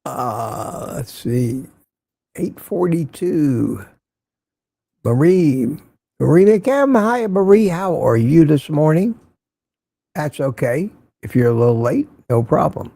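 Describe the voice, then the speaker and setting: A man's voice: on the high side, very animated, slow pace, gravelly, pauses often, warm tone, no room sound. A man hosting a casual morning livestream, greeting viewers by name and reading their chat messages, chatty and chuckling often, repeating himself.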